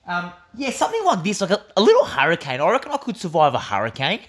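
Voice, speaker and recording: A man's voice: sits high, wildly swooping pitch, fast talker, fairly bright tone. A young Australian man co-hosting a podcast in casual chat, rambling through a story with lots of fillers and swearing. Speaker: podcast co-host.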